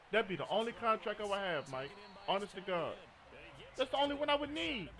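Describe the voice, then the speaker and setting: A man with a high, bright voice chats casually while streaming a game. He jokes around and tells stories to his viewers. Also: lively intonation, fairly quick. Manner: joking, storytelling, frequent laughter. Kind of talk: casual gaming commentary.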